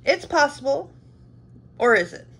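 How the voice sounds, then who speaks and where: A woman voicing an eager young boy cat in a storybook read-aloud, talking high and excited. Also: a little slow, exaggerated voice. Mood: earnest.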